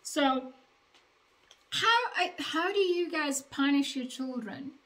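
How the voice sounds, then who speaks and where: A woman talking straight to her viewers about raising her boys. Her voice sits a little high, and she retells home moments in a lively, chatty way, slipping into the voices of the people in the story. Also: slow, poor audio. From Uganda. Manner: chatty, animated retelling with quoted dialogue. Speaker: vlogger, mother of two. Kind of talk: casual storytelling to camera.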